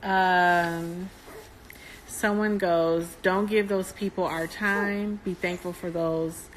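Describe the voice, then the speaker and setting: A woman's voice: on the low side, fairly even intonation, slow pace, a little hiss or hum. A woman chatting on a livestream from home while soothing her teething baby, cooing and baby-talking between answers. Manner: playful, coos and baby-talks to her fussy infant. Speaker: mother doing a livestream. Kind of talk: casual livestream chat.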